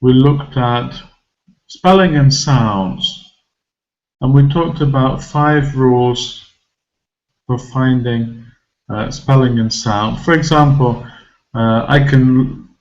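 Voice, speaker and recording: A man teaching English pronunciation, talking slowly and deliberately at a mid pitch. He repeats key words to drive them home, and the recording sounds a little muffled. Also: fairly even intonation, darkish tone. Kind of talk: pronunciation lesson. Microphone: recorded for a video lesson.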